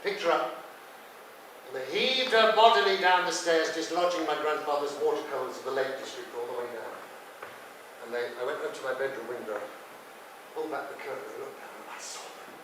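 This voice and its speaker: A man's voice: on the high side, a little fast. A man giving a drama masterclass, talking conversationally and telling a vivid story in a drama studio. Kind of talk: teaching and storytelling monologue. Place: drama studio with dark curtains. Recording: echoey hall, mic far off, background noise.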